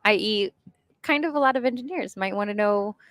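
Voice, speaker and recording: A woman's voice: mid-range voice, a little fast, fairly bright tone, no room sound. A woman doing color commentary at a rowing race, chatty and explaining the sport in plain terms.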